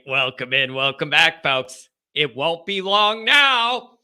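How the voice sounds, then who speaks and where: A man's voice: a little high, big pitch swings, takes it slowly, bright, forceful tone, smooth, soft background music. A man hosting a casual call-in sports talk stream, talkative and repeating himself. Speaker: call-in show host.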